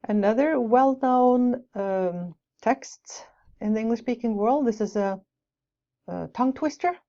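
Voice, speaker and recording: A woman's voice: on the high side, unhurried, dark tone. A woman giving a lecture on teaching English with rhymes, explaining points with light asides. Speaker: teacher educator. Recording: dull lo-fi recording.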